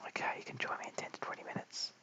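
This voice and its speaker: An Australian man giving whispered cricket commentary late at night at home, mic held very close, hushed and apologetic as he chats with viewers. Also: very fast, low-quality recording. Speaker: live stream cricket commentator. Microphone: held very close to the mouth.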